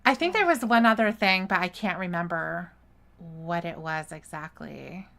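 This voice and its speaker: A woman's voice: lowish voice, moderate pace, gravelly, a bit bright. A woman co-hosting a live podcast stream, chatting casually and laughing often in a teasing way. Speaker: podcast co-host.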